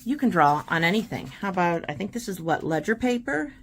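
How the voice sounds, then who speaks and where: A woman's voice: lowish voice, sing-song, fairly quick, a little hiss or hum. A woman hosting a casual art tutorial, chatting and encouraging while she demonstrates paint pens.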